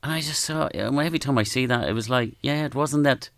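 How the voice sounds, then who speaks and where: An Irish man telling stories as a podcast guest, gentle and halting, with frequent restarts. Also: mid-range voice, gravelly, no echo, clean studio sound. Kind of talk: reflective storytelling.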